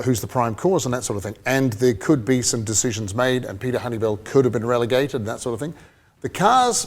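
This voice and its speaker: Chatty New Zealand podcast co-host. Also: male voice, medium pitch. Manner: chatty, rambling, laughs easily. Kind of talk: casual chat.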